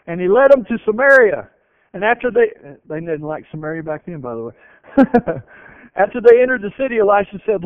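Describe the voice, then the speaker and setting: A man preaching a sermon and retelling scripture with animated voices. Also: high voice, brisk, no room sound. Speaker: pastor. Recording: tinny phone-like radio broadcast.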